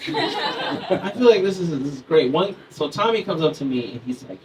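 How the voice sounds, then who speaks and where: A man's voice: high-pitched, animated, moderate pace. A man in his thirties doing a stand-up comedy set, chatty and loose, laughing into his lines and talking with the crowd. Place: comedy club stage. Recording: distant mic in a noisy club.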